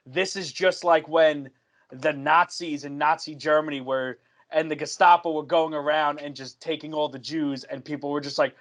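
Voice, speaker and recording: Young man with a higher voice telling a story. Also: moderate pace. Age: young adult. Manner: animated storyteller who acts out quoted dialogue. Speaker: podcast co-host telling a work story. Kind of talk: casual podcast chat.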